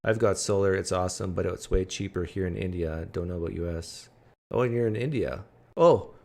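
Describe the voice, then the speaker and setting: Male livestream host, somewhat low voice, casual and chatty, reads out comments. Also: brisk, vocal fry, darkish tone. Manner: chatty, reading and answering comments aloud. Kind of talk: casual live chat with viewers. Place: home.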